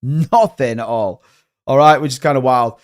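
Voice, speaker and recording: A man hosting a live stream, giving casual market commentary in an animated, joking way, repeating catchphrases. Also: mid-range voice, moderate pace. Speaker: crypto channel host.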